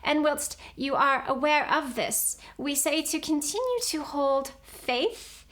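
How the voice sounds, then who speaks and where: Gentle spirit guides talking as "we", slow and solemn, higher voice, as a woman channels them. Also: lively intonation, heavily acted. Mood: encouraging.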